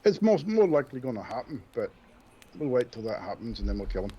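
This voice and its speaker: A man's voice: mid-range voice, big pitch swings, fast, mellow, breathy edge, lo-fi sound. A man playing a tabletop game, speaking bluntly and matter-of-factly. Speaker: player. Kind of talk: casual tabletop gameplay talk.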